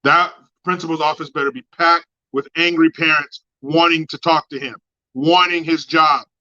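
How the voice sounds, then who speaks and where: A man hosting a livestream, ranting in crude commentary and reading chat, with mocking jabs that swing from loud outbursts to low mutters. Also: fairly even intonation, normal speed, lo-fi sound. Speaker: livestream host.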